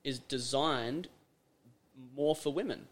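A man's voice: mid-range voice, slow. An Australian man hosting a casual podcast conversation, talking emphatically, repeating phrases for effect and acting out little scenes. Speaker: podcast host.

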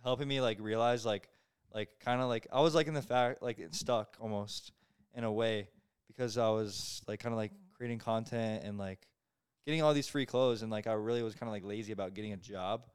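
A man's voice: lowish voice, fairly quick, smooth. Rambling young man on a podcast. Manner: rambling, with constant "like" fillers. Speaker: podcast guest. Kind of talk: casual podcast chat.

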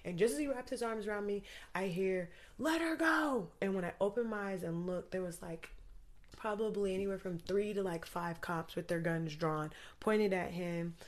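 A woman's voice: medium pitch, steady tone, moderate pace, a little mellow. A woman guest recounting a frightening personal story, talking urgently with lots of fillers. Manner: urgent, vivid retelling with many fillers.

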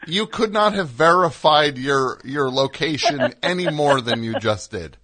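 Chatty male radio host with lively pitch. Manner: talkative, jokey, riffs and does quick voices. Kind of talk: casual call-in chat.

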